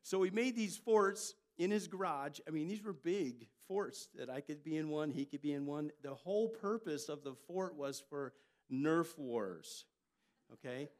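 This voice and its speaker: An older man, a pastor, preaching a sermon and telling family stories with lively jumps in loudness. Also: a little high, normal speed. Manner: storytelling, animated delivery with jumps in loudness.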